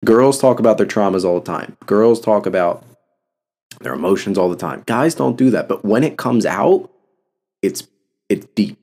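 A man's voice: fairly low pitch, lively intonation, moderate pace, a little mellow. A young man hosting a solo podcast, talking bluntly and passionately with heavy cursing. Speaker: podcast host. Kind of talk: casual solo podcast talk.

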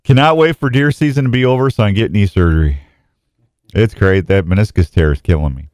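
A man's voice: on the low side, fast talker, a little mellow, clear, resonant tone, dry recording, studio quality. A middle-aged man hosting a casual morning radio show, rambling and self-mocking with lots of restarts and jokes. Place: radio station studio.

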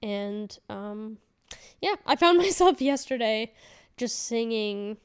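Chatty woman host with a smooth, higher voice. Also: expressive, slow pace. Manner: rambling, self-correcting, many fillers; chatty and candid. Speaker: podcast host. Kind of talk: casual solo podcast chat.

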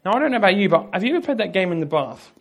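A man delivers a sermon with a slightly high voice. He tells the story with vivid energy and keeps turning to his listeners with direct asides. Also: rapid-fire. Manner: lively storytelling, addresses the audience directly. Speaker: preacher.

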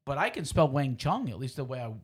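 A man's voice: medium pitch, big pitch swings, quick pace, husky. A man bantering playfully in a casual comedic chat, riffing on a running joke.

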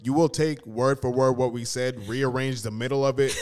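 A man co-hosting a podcast in casual chat, laid-back and profane, who mimics others in a high squeaky voice. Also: steady tone, normal speed, a little mellow. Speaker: podcast co-host.

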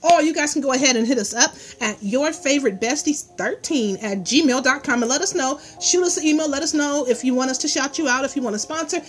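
A woman's voice: sits high, a little fast, few pauses. A woman co-hosting a podcast in casual chat, playful and slangy, laughing often. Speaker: podcast co-host.

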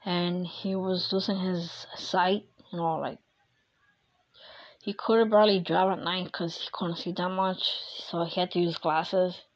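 A woman talking to her podcast listeners in a halting, emotional way, with many fillers and restarts. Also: fairly low pitch, fairly even intonation, dull audio. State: crying. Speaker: podcast host. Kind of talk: personal podcast monologue.

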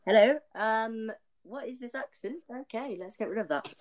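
A man's voice: high-pitched, normal speed, noisy background. A man hosting a casual podcast in a chatty, loose way. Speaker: host.

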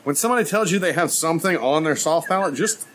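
A man's voice: a little high, lively intonation, fast talker, fairly bright tone, slight background noise, poor audio. A man co-hosting a podcast, telling gross-out stories in casual chat with plenty of laughter. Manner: laughing storyteller, graphic and joking. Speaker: podcast co-host.

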